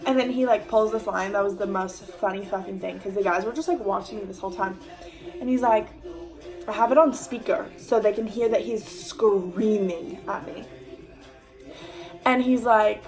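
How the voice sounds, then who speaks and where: A young woman talking straight to camera in a casual storytime, rambling and heavy on fillers and swearing. She acts out what other people said as she goes. Her voice sits at a middling pitch over faint background music. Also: steady tone, normal speed, poor audio. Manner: chatty, full of "like" fillers and swearing, acting out quoted lines. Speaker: vlogger telling a story.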